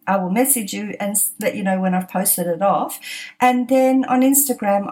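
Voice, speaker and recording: A woman's voice: fairly low pitch, darkish tone. A middle-aged woman with an Australian accent hosts a podcast and tells a story casually, laughing often and restarting her sentences. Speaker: podcast host.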